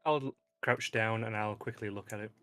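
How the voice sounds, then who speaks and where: A man playing a tabletop game who speaks calmly and deliberately. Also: lowish voice, soft background music. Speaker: player.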